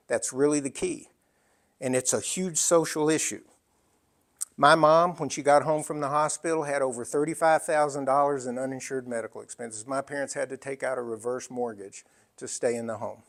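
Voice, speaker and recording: An older man giving a storytelling business talk as an entrepreneur, animated and conversational with frequent asides. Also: medium pitch, moderate pace.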